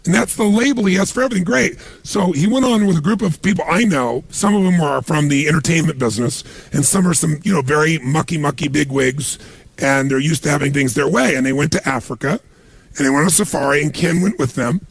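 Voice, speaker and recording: A man giving a motivational seminar talk to a live audience, telling stories with punchy, animated emphasis and a gravelly, raspy voice. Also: on the high side, fairly quick, no room sound. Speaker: motivational speaker.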